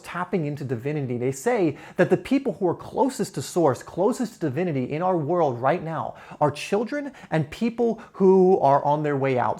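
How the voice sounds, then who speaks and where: A man's voice: fairly high pitch, darkish tone. A man speaking straight to camera in a motivational self-help talk, enthusiastic and conversational, with frequent "you know" fillers. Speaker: spiritual self-help creator.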